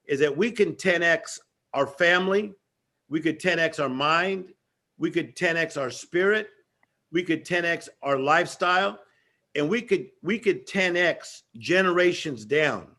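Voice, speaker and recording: A man speaks with fervent, preacher-like drive, hammering home his points through repetition. His voice sits fairly high for a man. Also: a little slow, pushed and bright. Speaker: guest speaker. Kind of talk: energetic motivational talk.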